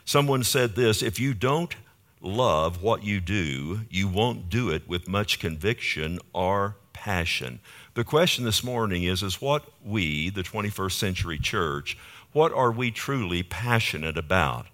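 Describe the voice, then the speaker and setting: A man's voice: fairly low pitch, expressive, unhurried, a bit bright. A man preaching a sermon in a church, emphatic and punctuating points with "amen?" asides to the congregation. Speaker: pastor. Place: church in Fort Worth.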